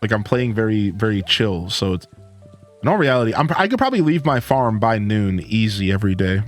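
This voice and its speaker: A man's voice: lowish voice, very animated, a little fast, faint music behind. A young man chatting casually and greeting viewers while he plays a farming game on a live stream. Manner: laid-back, chatty, greets chat.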